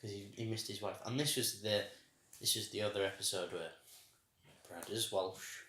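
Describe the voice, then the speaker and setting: A man's voice: lowish voice, steady tone, normal speed, bright, forceful tone, roomy sound. A man co-hosting a podcast, chatting casually and rambling, often trailing off and restarting. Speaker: podcast co-host. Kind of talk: casual review chat.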